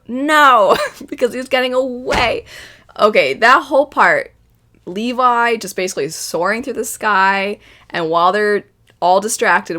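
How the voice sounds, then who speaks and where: A woman's voice: medium pitch, fairly bright tone. A young woman hosting an anime reaction, talking casually and emotionally, rambling and acting out lines from the scenes. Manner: emotional, rambling, quotes scenes in little voices.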